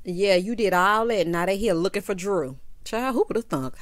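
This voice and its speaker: A woman in her fifties giving a sassy, animated recap commentary on a reality show. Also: medium pitch, no room sound. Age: 50s. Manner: sassy, animated, drawn-out teasing.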